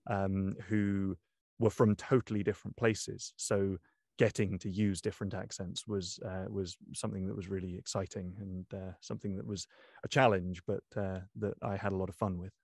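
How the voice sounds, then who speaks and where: A young man, an audiobook narrator, talking through his craft in a casual interview, pausing often with ums and restarts. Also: low-pitched, little pitch movement, vocal fry, darkish tone, dry recording, clean studio sound. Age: young adult. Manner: thoughtful, many ums and restarts. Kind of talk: interview guest, casual talk.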